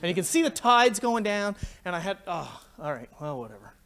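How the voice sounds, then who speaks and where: A Canadian man in his forties, his smooth voice sitting high and moving a little fast, speaks at a conference. His talk is an animated tech story, anecdotal and heavy on free swearing.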